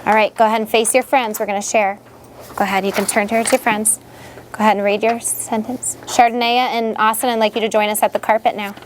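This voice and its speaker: A woman's voice: a little high, level tone, fast, a little hiss or hum. A woman teaching young students in a classroom, leading them patiently with repeated questions.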